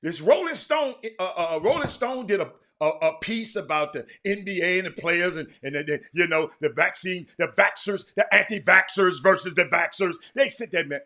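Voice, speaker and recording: A man hosting a live sports talk show, chatting with viewers by name, animated and repeating words as he goes. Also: high-pitched, normal speed, few pauses. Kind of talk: live-stream chat with viewers.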